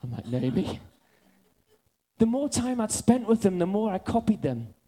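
Animated storytelling male preacher. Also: high voice, normal speed. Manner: animated storytelling, drifting into soft earnest appeals. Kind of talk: sermon.

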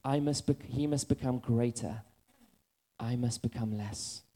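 A man in his thirties preaching a sermon, earnest and building to excited urgency. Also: mid-range voice, unhurried.

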